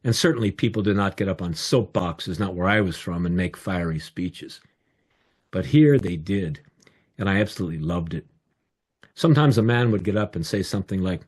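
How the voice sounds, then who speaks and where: An older man telling a personal story in an animated, expressive way over a video call. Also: low voice, moderate pace, slightly rough. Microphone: video call microphone.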